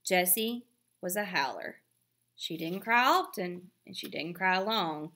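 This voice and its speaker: Woman, storybook reading, expressive, bright. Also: lowish voice, unhurried. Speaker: reader. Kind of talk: reading a children's novel aloud.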